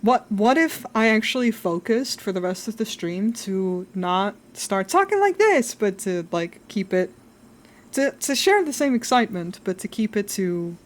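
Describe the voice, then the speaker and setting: A woman's voice: mid-range voice, lively intonation, unhurried. A young adult woman chatting casually while drawing on a live stream, rambling and self-reflective, laughing often.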